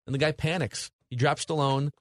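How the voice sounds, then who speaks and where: A man co-hosting a podcast, retelling film scenes in an animated, casual way with lots of fillers. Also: on the high side, brisk, no room sound. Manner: animated storyteller, recounting scenes with hedging fillers. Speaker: podcast co-host. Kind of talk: casual movie review chat.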